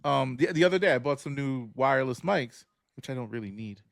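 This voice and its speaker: A man's voice: mid-range voice, a little fast, vocal fry, no room sound, clean studio sound. A man co-hosting a sneaker podcast, telling stories in casual chat and laughing often. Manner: laughs often, relaxed storytelling. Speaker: podcast co-host.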